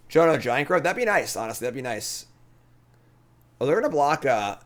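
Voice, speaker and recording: A man streaming a digital card game, thinking aloud in a relaxed, chatty commentary. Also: mid-range voice, unhurried.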